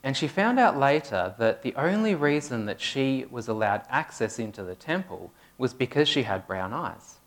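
A man's voice: medium pitch, very animated, moderate pace, few pauses. A man giving a conversational sermon, asking his congregation questions as he goes. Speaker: preacher. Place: church hall with a congregation.

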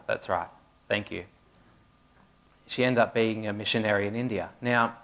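A man's voice: fairly low pitch, fairly bright tone. A man giving a conversational sermon, asking his congregation questions as he goes. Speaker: preacher. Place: church hall with a congregation.

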